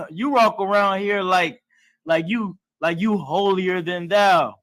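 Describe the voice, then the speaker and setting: A man's voice: high voice, slow, fairly bright tone, no echo. Blunt, emphatic man preaching a lesson. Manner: emphatic, blunt, colloquial with occasional swearing; acts out other people's voices in mocking tones. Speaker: class teacher. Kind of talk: preaching lesson in casual speech.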